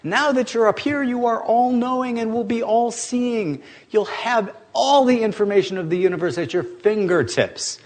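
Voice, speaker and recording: A man putting on a chatty, high-pitched old scientist in heaven. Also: normal speed, few pauses. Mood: coaxing. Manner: chatty, coaxing, enthusiastic. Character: famous old male scientist welcoming newcomers to heaven, eager.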